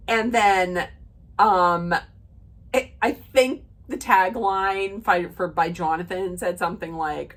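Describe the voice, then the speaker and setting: A woman with a lowish voice speaks at a slow pace, recapping a reality dating show in a casual, rambling rant. She uses many fillers and restarts, retelling scenes by quoting the cast as she goes.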